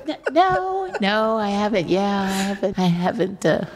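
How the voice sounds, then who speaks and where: A middle-aged woman co-hosting a podcast, chatting casually, telling animated stories and laughing often. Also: medium pitch, measured pace. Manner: animated storyteller, acts out quotes, laughs often. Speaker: podcast co-host, beekeeper. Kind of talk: casual chat.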